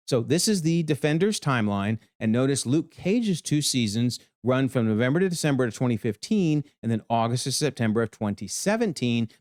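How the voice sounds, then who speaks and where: A man giving an animated TV episode breakdown, exclaiming often as he comments. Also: mid-range voice, no echo, studio quality. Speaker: video commentator.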